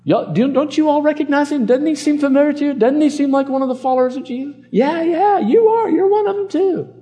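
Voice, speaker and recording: A woman's voice: high-pitched, fairly quick, dark tone, pitched above the performer's own voice, close to an everyday voice. A male preacher voicing a servant girl who insistently accuses a man and stirs up the bystanders. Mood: accusing. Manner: needling, insistent questioning. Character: accusing servant girl, shrill, stirring up a mob.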